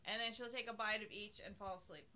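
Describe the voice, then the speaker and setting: A woman's voice: medium pitch, fairly even intonation, quick pace, bright, forceful tone, a little hiss or hum. A mother chatting casually with friends in a matter-of-fact, dry way. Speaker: mother in group chat. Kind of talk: casual chat. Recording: crowd chatter behind.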